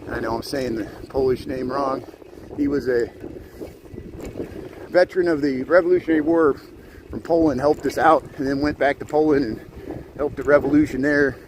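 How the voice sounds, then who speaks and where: A man with a medium-pitched voice, speaking at a moderate pace with frequent pauses, live-streams a city tour from his bike beside a lake. Winded from cycling, he greets viewers by name while outdoor wind noise rumbles across the mic.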